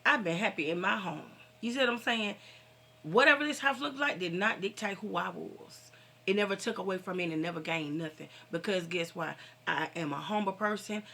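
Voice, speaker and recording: Gravelly, bright-voiced woman vlogger venting. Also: mid-range voice. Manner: preachy, fervent, talks straight to viewers. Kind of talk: casual heartfelt vent to viewers.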